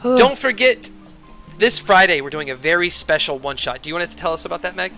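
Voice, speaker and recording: A man narrating as game master in a tabletop role-playing game. His voice is bright and forward, with a casual, rambling manner full of fillers. Faint music plays underneath. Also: on the high side, fast talker. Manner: casual, loose, lots of fillers.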